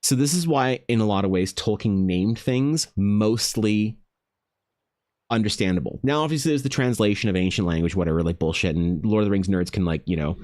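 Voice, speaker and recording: A man's voice: fairly low pitch, brisk, darkish tone. A man streaming his art and chatting casually, rambling with many restarts and filler words and greeting viewers directly. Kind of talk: casual live-stream monologue.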